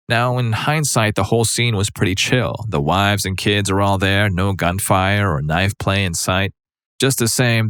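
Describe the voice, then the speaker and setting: A man with a fairly low voice narrates online stories, reading them out in first person. His delivery is conversational and wry, like someone telling an anecdote to a friend. The recording is dry and close, with no room sound. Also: fairly bright tone, dry recording. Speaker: story narrator.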